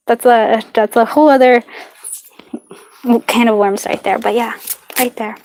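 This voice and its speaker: A woman doing a live card reading, talking in a warm, chatty, reassuring way with lots of fillers and little laughs. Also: fairly high pitch, fairly even intonation, a little slow, pauses often, no room sound. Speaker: tarot and charm reader.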